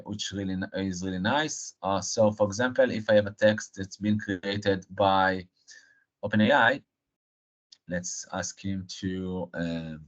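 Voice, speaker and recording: Man, technical demo presenter, halting with many fillers, lowish voice, muffled stream audio. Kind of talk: live technical software demo.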